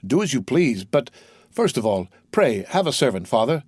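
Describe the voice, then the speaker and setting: A man's voice: medium pitch, big pitch swings, normal speed, a little mellow, husky, no echo, studio quality. A man voicing an earnest, emotional young sailor who is a devoted son. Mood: polite.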